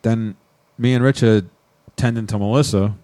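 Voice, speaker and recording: A man's voice: fairly low pitch, fairly even intonation, moderate pace, warm tone, dry recording. A young man co-hosting a podcast, telling a rowdy weekend story in casual, profane chat and laughing often. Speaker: podcast co-host.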